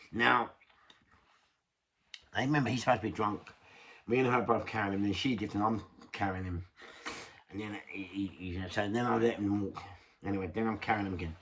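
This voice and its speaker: Older London man, gravelly and bright, casual streetwise storyteller, faint hiss. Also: fairly low pitch. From England. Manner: rambling, streetwise, swears, laughs at his own story. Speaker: vlogger.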